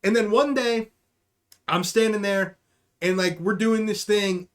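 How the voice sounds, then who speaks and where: A man with a high-pitched voice tells a crude, rambling story in a casual podcast monologue. He jokes and curses freely while he talks to his listeners. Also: fairly even intonation, a little slow. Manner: rambling, profane, jokey. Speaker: podcast host.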